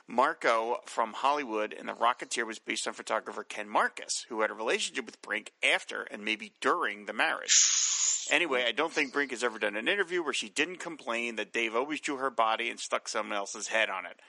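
Bright, dry-sounding enthusiastic man. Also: mid-range voice, brisk, vocal fry, dry recording, low-quality recording. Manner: chuckling, enthusiastic. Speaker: podcast co-host. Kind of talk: casual podcast chat reading listener mail.

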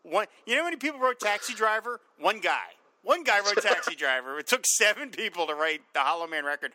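A man's voice: sits high, animated, fairly quick, hardly any pauses, sharp tone, dry recording. A man co-hosting a podcast in casual chat, rambling and amused as he talks. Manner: rambling, amused, restarts often. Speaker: podcast co-host.

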